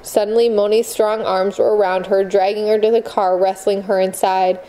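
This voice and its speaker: A woman narrating a novel in a measured, expressive storytelling voice. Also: mid-range voice, poor audio. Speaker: audiobook narrator. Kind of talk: scripted narration.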